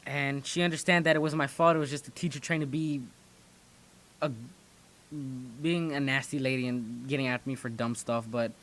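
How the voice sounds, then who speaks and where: A teenage boy talks straight to his viewers about his school days. He rambles and often restarts his sentences, in a voice of middle pitch. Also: fairly even intonation, moderate pace, a bit bright, a little hiss or hum. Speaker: channel host. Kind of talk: casual storytelling commentary.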